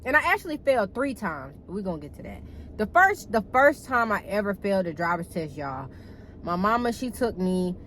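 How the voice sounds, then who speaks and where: A young woman telling a casual storytime to her viewers in a chatty, animated way, cussing freely and calling them y'all. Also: medium pitch, brisk, a little hiss or hum, rough recording. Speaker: vlogger.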